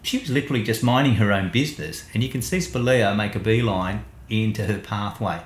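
A man's voice: on the low side, fairly quick. A man co-hosting a podcast, chatting casually about sport in a wry, amused way that thinks aloud. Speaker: podcast co-host. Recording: echoey room.

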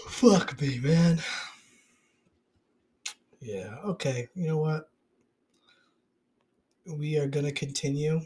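A man's voice: fairly high pitch, lively intonation, slow pace, pauses often, dark tone. A man hosting a casual solo podcast, talking in a rambling, confessional way and swearing often, recorded on a phone. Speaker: podcast host. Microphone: iPhone recording.

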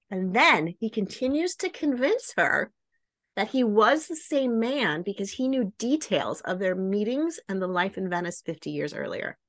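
A woman's voice: mid-range voice, big pitch swings, normal speed, a bit bright. Chatty female podcast host, casual storyteller, lots of filler. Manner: chatty, many fillers like "right?" and "like".

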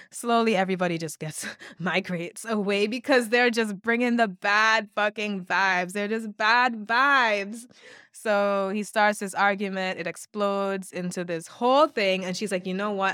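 Animated woman co-hosting a recap podcast. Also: medium pitch, moderate pace, clear, resonant tone, no echo, studio quality. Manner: animated, profane storytelling with acted-out quotes. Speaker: podcast co-host. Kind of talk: casual recap chat.

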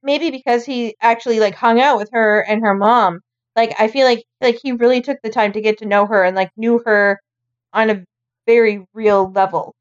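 A woman's voice: a little high, fairly even intonation, normal speed, highs cut off. A woman guest on a casual podcast chat, talking hesitantly with lots of fillers.

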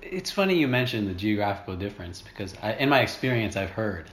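Young guy, teasing mock-interviewer co-host, lowish voice, echoey room. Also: lively intonation, fast talker, fairly bright tone, a little hiss or hum. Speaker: podcast co-host. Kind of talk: casual chat.

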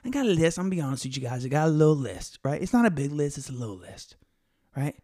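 A young man hosting his own podcast, talking fast and excitedly in a casual, animated way. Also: on the high side. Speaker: podcast host. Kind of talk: casual solo podcast talk.

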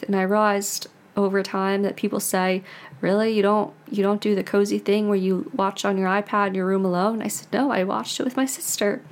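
An American woman in her twenties, a podcast host, talking in a rambling, confessional way with many "like"s and restarts. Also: mid-range voice. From United States. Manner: chatty, rambling, heavy use of "like", frequent restarts. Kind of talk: casual confessional monologue.

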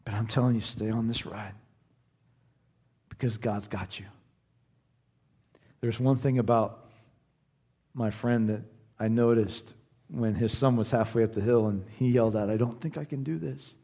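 A man's voice: lowish voice, steady tone, measured pace, pauses often, mellow. A man from Southern Indiana preaching a sermon as pastor, conversational, earnest and encouraging.

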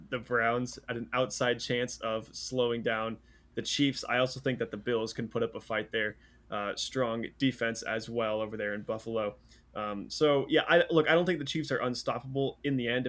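A man's voice: mid-range voice, a bit bright. A man co-hosting a sports podcast, talking casually with many fillers and restarts. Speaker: podcast co-host.

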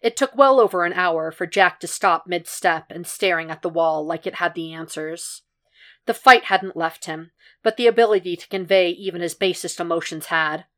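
A woman with a lowish voice narrates a fan fiction podfic. She reads in a measured, even way, keeping the storytelling steady between the characters' lines. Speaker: podfic reader.

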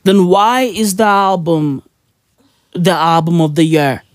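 A woman's voice: on the low side, takes it slowly, no echo, studio quality. Profane, slangy woman ranting. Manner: profane, slangy, emphatic, mocking. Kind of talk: casual ranting chat.

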